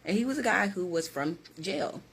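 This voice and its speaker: A woman's voice: mid-range voice, animated, normal speed, vocal fry, fairly bright tone, slightly rough. A woman who works as a hiring manager, talking straight to her viewers in a direct, emphatic motivational vlog.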